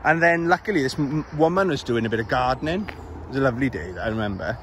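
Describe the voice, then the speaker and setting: A man's voice: mid-range voice, lively intonation, quick pace, fairly bright tone, a little hiss or hum. A Welsh man telling a rambling, exasperated story as he walks his dog, swearing now and then. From Wales. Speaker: vlogger. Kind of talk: casual storytelling while walking. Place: outdoors on suburban streets. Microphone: handheld camera while walking.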